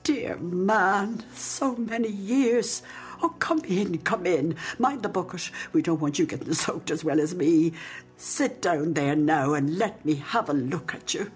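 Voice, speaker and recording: A woman's voice: lowish voice, unhurried, faint music behind, lightly acted. An Irish actress playing a fiercely loyal old nurse who reared a girl, spirited and argumentative, in a radio drama. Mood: overjoyed.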